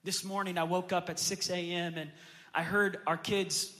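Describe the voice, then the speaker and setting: Pastor, male, 30s, high voice, impassioned sermon delivery with long church-hall reverb. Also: level tone, moderate pace. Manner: preaching that swells to loud, impassioned peaks; acts out quoted voices of his kids in storytelling. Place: church sanctuary with a congregation.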